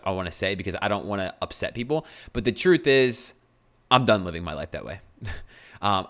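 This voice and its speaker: A man's voice: on the low side, fairly bright tone. A man hosting a solo podcast as a health coach, talking bluntly and casually with swearing and fillers.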